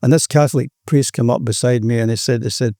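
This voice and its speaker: Older Australian man, mellow tone, earnest rambling recovery share, dry close sound. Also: medium pitch, steady tone, fast talker, no room sound. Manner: earnest, rambling, peppered with "you know". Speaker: recovering alcoholic sharing his story.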